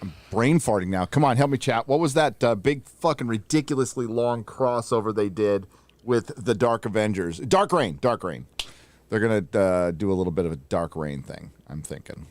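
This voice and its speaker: A man's voice: lowish voice, moderate pace, no room sound. A man chatting casually on a podcast panel, rambling and swearing about comics. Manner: rambling, profane, comic-book talk. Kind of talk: casual chat.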